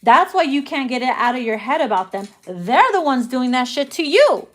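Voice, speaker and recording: A woman's voice: high voice, sing-song, moderate pace. A woman doing a casual tarot reading, brash and profane, laughing often as she talks. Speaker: tarot reader.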